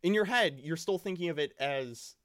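Brief: a male podcast co-host, earnest and a touch high-pitched, speaking in a dry, close sound. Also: animated, normal speed, a bit bright, no room sound. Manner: earnest and reflective, hesitant with restarts. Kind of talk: casual podcast chat.

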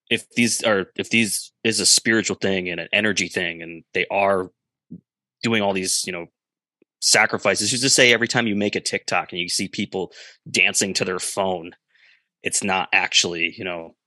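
A man's voice: low-pitched, bright, forceful tone, dry recording. A man musing hesitantly in casual podcast chat, with many restarts.

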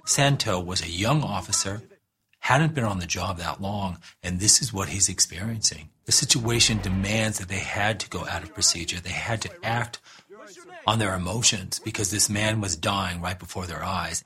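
A man speaks in interview in a measured, serious way. His voice is very deep, with a bright edge. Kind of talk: interview commentary.

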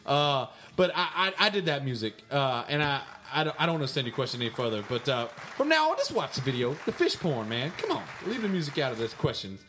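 A man's voice: medium pitch, big pitch swings, fast talker, hardly any pauses, noisy background. A man co-hosting a podcast, joking and teasing in casual chat. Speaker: podcast co-host.

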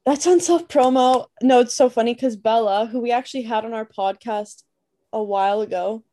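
A woman's voice: a little high, normal speed, dark tone. A young woman podcast co-host from Canada, chatting casually and telling a story with lots of fillers. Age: young adult.

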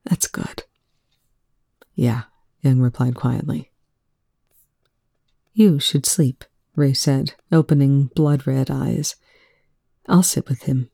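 A woman reading a story aloud in a soft, hushed manner, with quiet dialogue. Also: rumbling low, fairly even intonation, creaky, breathy edge, no room sound, clean studio sound. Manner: soft-spoken, slow and hushed. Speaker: fan fiction reader. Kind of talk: reading fiction aloud, then casual commentary.

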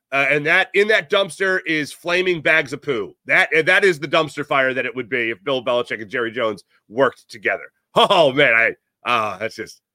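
A man's voice: mid-range voice, pushed and bright, no echo, clean studio sound. A man hosting a sports talk show, giving a rambling, jokey monologue with lots of fillers. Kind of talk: casual sports commentary monologue.

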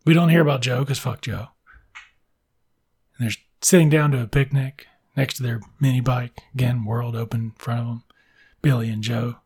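A young man with a rough, gravelly edge to his voice and a husky grain underneath. He recaps a story with crude, sarcastic humor, swearing freely and popping into quick character voices. The delivery is comedic and loose. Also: medium pitch, steady tone, darkish tone. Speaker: comedic book reviewer. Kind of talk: profane comedic story retelling.

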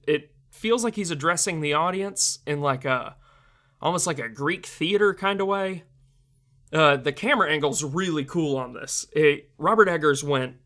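A man's voice: fairly high pitch, fairly bright tone. A young man reviewing a film in casual commentary, rambling with many fillers and laughs.

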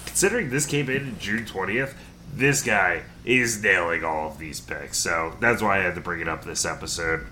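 A man in a low register hosts a laid-back podcast, reading out listener emails between little jokes. His voice is bright and forward, and a faint background hiss sits under it. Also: normal speed. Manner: reads emails aloud with fillers and jokes. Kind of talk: casual podcast chat.

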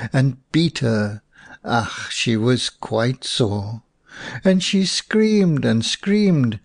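A man narrating a folk tale audiobook in a slow, expressive storytelling voice. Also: medium pitch, no echo, studio quality.

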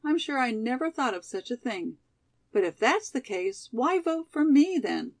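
A woman's voice: sits high, sing-song, moderate pace, pitched above the performer's own voice, heavily acted. Woman reading as modest college girl Molly. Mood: earnest. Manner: embarrassed, loyal, sometimes hot.

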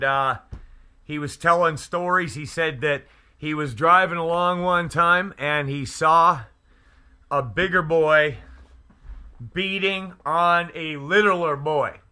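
Slow, very bright-voiced man preaching. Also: a little high, clean tone. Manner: halting, with frequent restarts and fillers; fervent, prays aloud. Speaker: Christian internet radio host. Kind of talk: casual faith talk show. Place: Edmonton area.

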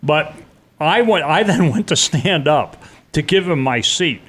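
A man's voice: fairly high pitch, animated, measured pace, a bit bright, breathy edge. Middle-aged man telling a personal story. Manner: vivid, conversational, acts out the voices of people he quotes. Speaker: interview guest recounting a personal experience. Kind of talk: casual first-person storytelling.

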